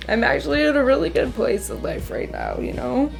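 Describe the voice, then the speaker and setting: Candid young woman streamer, soft music behind. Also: on the high side, very animated, normal speed, creaky. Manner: candid, emotional, confiding. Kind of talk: casual livestream chat.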